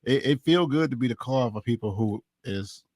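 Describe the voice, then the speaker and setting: A man co-hosting a podcast and coaching couples, telling relaxed stories and explaining his points deliberately. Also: mid-range voice, no echo. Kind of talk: casual chat and advice.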